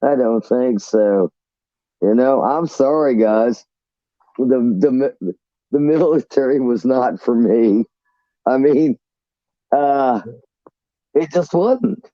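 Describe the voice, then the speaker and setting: A man's voice: mid-range voice, animated, slow pace, pauses often, no echo, dull audio. A man casually telling rambling, profane stories about his navy days on a live chat.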